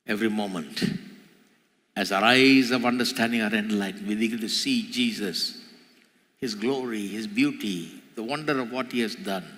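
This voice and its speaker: Man, pastor preaching, bright forceful voice, rising repeated phrases, long church-hall reverb. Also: lowish voice. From India. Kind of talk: sermon.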